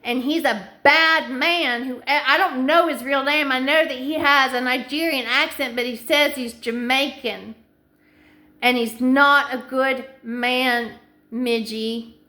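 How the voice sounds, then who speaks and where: Woman, middle-aged, bright sharp voice, anxious insistent ramble, talking to camera. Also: high-pitched, steady tone, slow pace. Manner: long run-on chains of "and", anxious and insistent. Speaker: vlogger.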